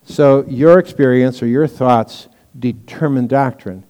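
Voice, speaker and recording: A man's voice: mid-range voice, measured pace, few pauses, dark tone, long reverb tail. A man preaching a sermon as pastor, teaching in a conversational way with stories and asides.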